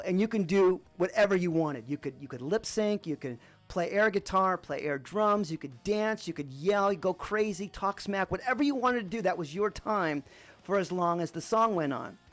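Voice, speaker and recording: A man from Arizona hosting a podcast, telling a personal story in a relaxed, rambling way with lots of fillers. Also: high voice. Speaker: podcast host.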